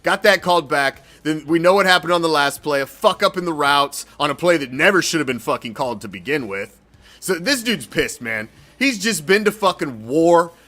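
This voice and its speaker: A sports podcast host rants heatedly in a profane fan reaction, swearing in an exasperated way. His voice is fairly high-pitched with lively intonation, bright and forceful, at normal speed.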